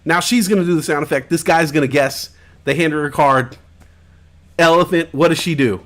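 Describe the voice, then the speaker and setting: Man host, high bright voice, lively and profane. Casual stream chat. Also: a little fast. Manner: animated, profane storytelling. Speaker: talk show host.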